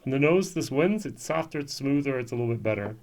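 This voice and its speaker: A man's voice: mid-range voice, lively intonation, fast talker, darkish tone. A man reviewing whisky in a casual, musing way, with frequent ums and restarts.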